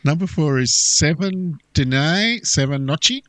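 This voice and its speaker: A man with an Australian accent, co-hosting a film podcast in a relaxed, casual chat. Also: fairly high pitch, measured pace. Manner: relaxed, reads lists off plainly. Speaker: podcast co-host.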